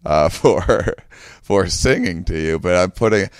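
A man's voice: sits low, expressive, unhurried, smooth, no echo, studio quality. A tired man hosting a podcast, rambling casually and laughing at himself. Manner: rambling, self-mocking, laughs often. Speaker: podcast host.

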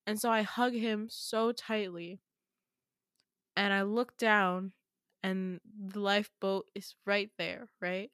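A woman hosts a podcast and retells a dream in loose, chatty speech full of filler words and quick laughs. Her voice is smooth and clear. The recording is dry and close, with no room sound. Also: mid-range voice, fairly even intonation, fairly bright tone, no echo. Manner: chatty, heavy use of filler "like"; laughs often while talking. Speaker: podcast host. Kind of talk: casual storytelling of a dream.

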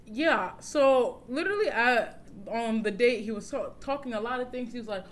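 A woman's voice: on the high side, normal speed. A woman co-hosting a podcast, telling a dating story in casual chat, laughing often and acting out the quotes. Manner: animated, laughs often, acts out quoted texts. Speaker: podcast co-host.

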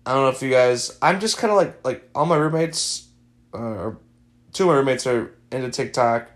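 A man's voice: medium pitch, animated, normal speed. A young adult man hosting a podcast, chatting casually in a rambling, wry way with many fillers. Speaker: podcast host. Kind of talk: casual chat.

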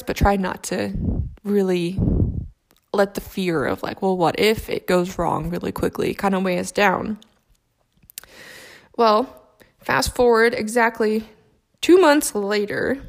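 Woman with a gravelly voice, telling a sad story. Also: mid-range voice. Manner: soft, reflective, halting. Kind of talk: personal story.

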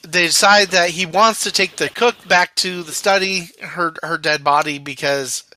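A podcast co-host recapping a movie in casual chat, telling the plot with animated quoted lines. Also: mid-range voice, moderate pace, poor audio. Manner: lively storyteller, acts out quotes.

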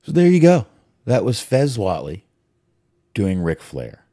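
Slow, deep-voiced man talking casually. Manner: relaxed, rambling and unhurried. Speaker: host playing old radio clips. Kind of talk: casual chat.

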